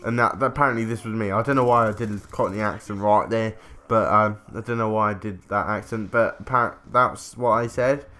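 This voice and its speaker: A man's voice: lowish voice, fairly even intonation, a little fast, hardly any pauses, sharp tone. A man, telling a rambling story during casual gameplay commentary, swearing casually. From England. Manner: rambling, chatty, self-interrupting, swears casually. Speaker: gaming commentator.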